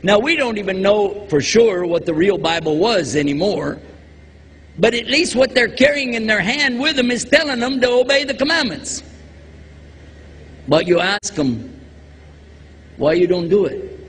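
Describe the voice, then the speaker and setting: A man's voice: high-pitched, big pitch swings, moderate pace, fairly bright tone, husky. A man from Texas, preaching a religious lecture to a live audience, joking and quizzing the crowd. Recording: long hall reverb, faint background noise.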